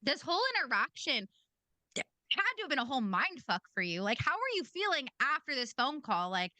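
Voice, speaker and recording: A woman's voice: high voice, very animated, brisk, sharp tone, dry recording. A woman hosting a podcast, giving blunt, casual commentary and swearing freely. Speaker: podcast host.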